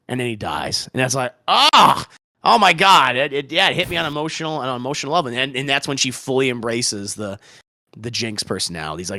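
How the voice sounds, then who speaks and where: A man hosting a podcast, chatting excitedly about a show and retelling scenes with lots of restarts and casual swearing. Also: medium pitch, fairly quick, no echo, studio quality. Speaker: podcast host. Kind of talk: casual podcast review chat.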